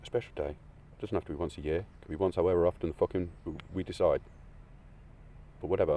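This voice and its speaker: A man with a very low, gravelly voice pours out a rambling, tearful monologue. He swears freely and lurches from loud bursts to hushed, almost whispered lines. Faint noise hangs behind him. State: crying. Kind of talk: emotional unscripted monologue.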